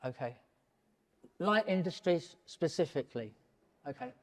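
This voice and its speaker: A painter and prize winner in his seventies is interviewed before a gallery audience in a public in-conversation talk, speaking at a measured pace in a voice slightly high for a man. He's animated and digressive, often breaking off mid-sentence to start over. A long hall reverb follows each phrase.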